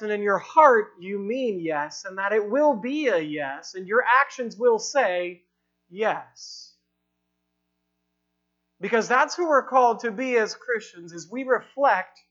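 Woman preacher, mid-pitched, driving points home by repetition, dull recording. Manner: emphatic, repeating lines for effect; ends in prayer with slow, drawn-out phrasing. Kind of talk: sermon.

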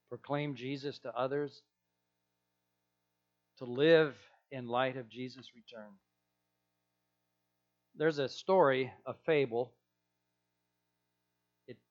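A man's voice: medium pitch, muffled recording. A male pastor preaching a sermon in an emphatic way, repeating key phrases for weight.

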